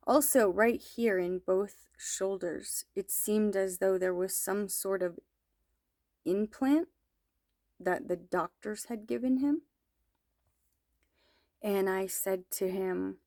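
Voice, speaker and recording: Slow, earnest woman telling a dream. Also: medium pitch, darkish tone, no echo, studio quality. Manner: slow, earnest, hesitant storytelling. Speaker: mother recounting a dream. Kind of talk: personal testimony.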